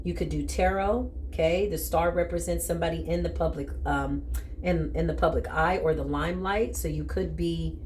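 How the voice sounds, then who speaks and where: A woman giving a casual tarot reading straight to her listener, animated and joking, often calling out "listen" and "okay". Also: deep voice, moderate pace, a little hiss or hum. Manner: animated and joking, with bursts of laughter. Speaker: tarot reader.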